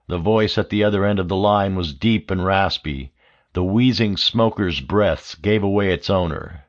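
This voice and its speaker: A man narrating an audiobook in a steady, measured way. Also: deep voice. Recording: dull lo-fi audio.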